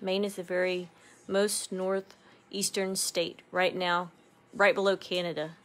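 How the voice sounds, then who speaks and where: A woman's voice: on the low side, little pitch movement, unhurried. Chatty laughing woman crafting live. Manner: chatty, laughs often, reads viewer comments aloud. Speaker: craft channel co-host. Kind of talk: casual livestream chat while crafting.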